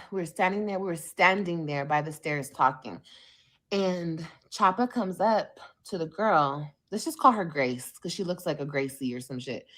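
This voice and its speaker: A woman from California, hosting a livestream podcast and telling a story in a casual, animated, profane way. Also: fairly low pitch. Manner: animated, profane, switches voices when quoting others. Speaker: podcast host.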